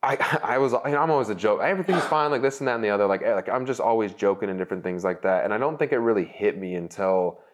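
A man's voice: on the low side, fast talker, few pauses. A young man, an interview guest, telling his life story with many likes and restarts, at times emotional. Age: young adult.

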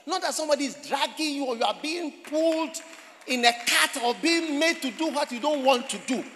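A man's voice: very high-pitched, a bit bright, long reverb tail. A man preaching a sermon in a church, talking in a conversational way, repeating phrases and asking the congregation questions. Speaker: pastor.

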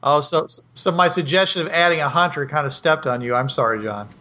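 A man's voice: a little high, brisk, sharp tone. A man hosting a podcast in casual chat, prompting the others to share in a friendly way. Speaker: podcast host.

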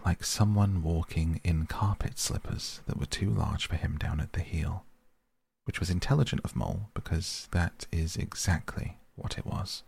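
A man narrating a storybook in a measured, expressive way. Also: sits low, gravelly, husky. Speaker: audiobook narrator.

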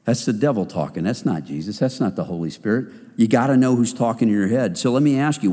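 A man's voice: mid-range voice, mellow. Guy preaching to a men's group, casual and jokey, voice bounces up and down, big echoey hall. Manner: conversational, joking, acts out inner voices. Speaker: men's ministry speaker. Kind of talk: sermon.

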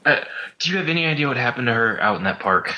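A man's voice: medium pitch, expressive, very fast, lo-fi sound, background noise, voice pushed up, close to an everyday voice. A man voicing a blunt, profane investigator who poses as a customer in a tabletop game. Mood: confrontational.

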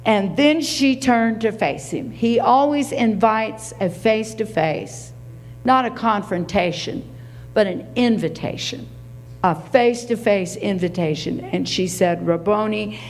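A woman delivers a sermon with an earnest storytelling manner. Her voice sits at a middle pitch, and she gives the lines she quotes their own voices as she retells the scripture. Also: unhurried. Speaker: preacher.

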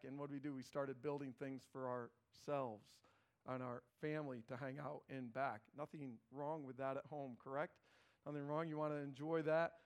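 A middle-aged male pastor preaching a sermon in a conversational, animated way, often repeating words as he starts phrases. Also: a little high.

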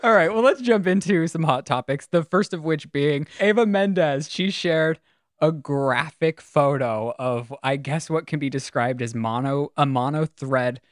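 A man co-hosting a casual podcast chat, talkative and quick to laugh, with dramatic reactions. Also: fairly high pitch, dry recording, clean studio sound. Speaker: podcast co-host.

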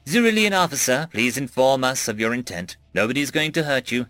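A man's voice: mid-range voice, expressive, a little fast, fairly bright tone, dry recording, natural voice. A man voicing an earnest alien predator officer who speaks in an urgent, insistent way.

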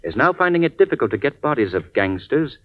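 An actor playing a suave, composed gentleman detective, measured in manner, in 1940s radio acting on a dull old recording. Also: medium pitch, big pitch swings, natural voice.

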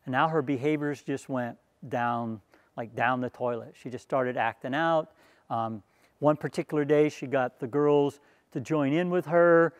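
A man shares a testimony, telling a personal story in an earnest, conversational manner that turns preachy toward the end with sermon-like appeals. His voice is medium-pitched and a little slow, with no echo.

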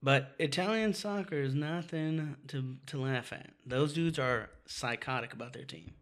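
A man chatting casually on a podcast, jumping in with animated comments and laughing along. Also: mid-range voice, measured pace. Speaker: podcast co-host. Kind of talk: casual chat.

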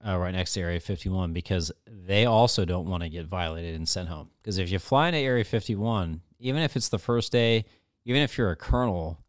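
A retired fighter pilot in his forties tells squadron stories in a loose, profane, animated way. His voice is deep and smooth. The sound is dry and close. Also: no echo. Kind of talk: casual storytelling interview.

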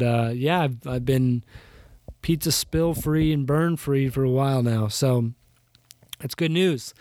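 A young man hosts his own podcast and tells a long story in a loose, rambling way. He trips over his words and restarts sentences, and his humor is dry and sarcastic. His voice sits at an ordinary middle pitch, recorded close and dry with no room sound. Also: darkish tone, no echo. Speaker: podcast host. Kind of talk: casual storytelling monologue.

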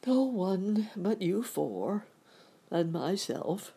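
A frightened little old wizard stammers and pleads in a shaky, lifting voice, as a woman reads him. The voice is husky and slow, swinging widely up and down. He sounds like a storybook fraud caught out. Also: medium pitch, sing-song, warm tone, pitched above the performer's own voice, exaggerated voice. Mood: trembling. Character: timid little old male wizard, a humbug.

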